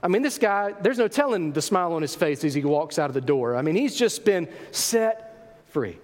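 A man preaching a sermon, telling the story with animated emphasis and rhetorical questions to his congregation. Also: fairly high pitch, normal speed, long reverb tail. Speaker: pastor.

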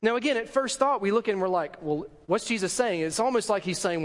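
A man's voice: high-pitched, sing-song, a little fast, few pauses, long reverb tail. A man preaching a sermon with emphasis, acting out the lines he quotes to his congregation. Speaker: pastor.

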